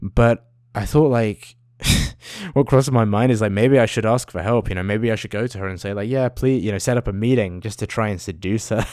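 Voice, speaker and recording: A young man rants to his camera in a rambling, foul-mouthed, self-mocking way. His voice sits a little low. The sound is dry and close. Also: normal speed, a little mellow, dry recording. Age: young adult. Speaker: vlogger. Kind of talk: casual rant to camera.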